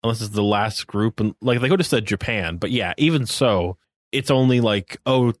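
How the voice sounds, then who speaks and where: A man's voice: on the low side, moderate pace, no room sound. A man co-hosting a podcast, talking casually in a rambling, wry way with many fillers. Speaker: podcast co-host.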